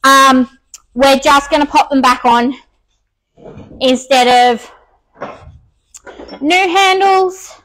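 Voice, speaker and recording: A woman's voice: high voice, flat delivery, takes it slowly, long pauses, a bit bright, poor audio. A woman with an Australian accent, out of breath, chatting casually with many ums while restoring furniture on a live stream.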